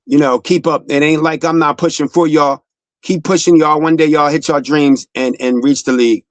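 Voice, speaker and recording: Young guy ranting on his sports show, cussing and preaching at the player, kinda high voice, dry close sound. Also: fairly even intonation, moderate pace, no room sound. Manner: fired-up, profane, preachy, talks straight to the player. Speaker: sports talk show host. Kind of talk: impassioned sports talk monologue.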